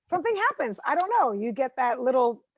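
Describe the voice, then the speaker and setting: A woman's voice: high voice, big pitch swings, fairly quick, breathy edge, dry recording. A woman comedian doing a chatty, self-deprecating stand-up set from home over a video call.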